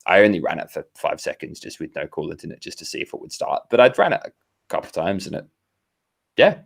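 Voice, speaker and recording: Deep-voiced Australian man telling a story. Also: big pitch swings, quick pace, creaky, husky. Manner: rambling storyteller, quotes others in asides. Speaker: podcast co-host. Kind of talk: casual chat over a video call. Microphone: video call.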